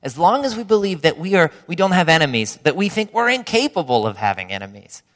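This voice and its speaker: A man preaching a sermon, animated and acting out imagined voices of his listeners. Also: on the high side, long reverb tail. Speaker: pastor.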